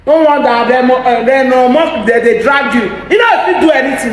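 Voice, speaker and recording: A young Nigerian woman in a comic rant, speaking Pidgin-accented English in an agitated, exclaiming way and often shouting. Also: sits high, lively intonation, brisk, hardly any pauses. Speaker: vlogger. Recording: very echoey room.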